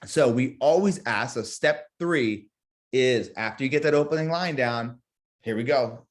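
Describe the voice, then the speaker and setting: A man teaching real estate agents in a live webinar, energetic, repeating key phrases and acting out sample sales calls. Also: medium pitch, unhurried.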